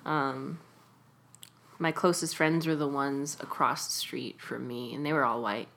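A woman's voice: a bass voice, fairly even intonation, measured pace, creaky, a bit bright. A young adult woman from California, chatting casually as an interview guest and laughing often. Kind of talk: casual conversation.

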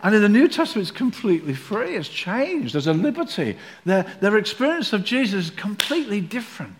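A man preaching a sermon in a lively way, acting out the voices of people in his story. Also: high-pitched, brisk.

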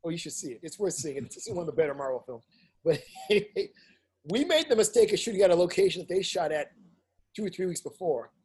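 A middle-aged indie filmmaker and teacher speaks fairly quickly, his slightly high voice carrying a breathy edge. Telling stories in a casual interview, he's blunt and lively, swears freely, and acts out what people said.

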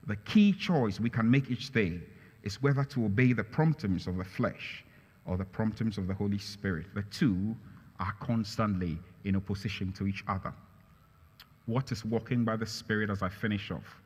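A man's voice: normal speed, darkish tone, slightly rough. A man preaching a sermon as pastor, emphatic and repeating phrases, his voice climbing on key lines. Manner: emphatic, rises in pitch and volume on key phrases. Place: large church hall. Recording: church hall reverb.

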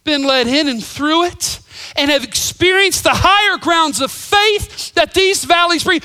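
A male pastor preaching a sermon, telling stories and swinging from loud emphasis to hushed whispers. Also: very high-pitched, big pitch swings, measured pace, dry recording. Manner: storytelling with voices.

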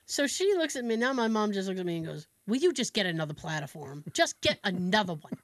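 A woman co-hosting a podcast spins a family story in relaxed chat. Her voice swings widely in pitch, and she slips into quick impressions of her relatives, laughing as she goes. The sound is dry and close, with almost no room in it. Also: no echo. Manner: animated, acts out family members' voices, laughs often. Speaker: podcast co-host.

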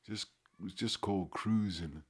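A man's voice: deep voice, normal speed, breathy edge. A man in his sixties with a Liverpool Scouse accent, reminiscing in a rambling, casual way as an interview guest. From Liverpool, England. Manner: rambling, peppered with "you know what I mean". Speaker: actor guest.

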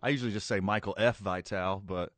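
A man's voice: on the low side, steady tone, fast, a bit bright, no room sound. Male radio host, upbeat banter, dry close mic, studio sound. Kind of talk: sports radio talk. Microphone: studio microphone.

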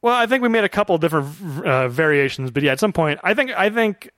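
Animated male podcast co-host, dry sound. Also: high-pitched, dry recording. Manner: animated, quick asides, lots of fillers and impressions. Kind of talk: casual movie review chat.

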